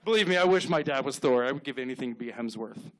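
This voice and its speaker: A man in his thirties doing stand-up on a club stage, telling deadpan stories and acting out short quotes. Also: medium pitch. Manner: deadpan storytelling with quick acted-out quotes. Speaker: stand-up comedian. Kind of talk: stand-up set.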